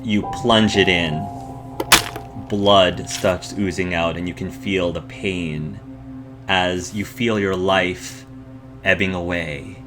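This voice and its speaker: A man with a low voice narrates a tabletop role-playing session slowly and deliberately. He describes each scene in detail, often filling pauses with ums and likes. Loud music plays behind him. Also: steady tone. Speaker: game master.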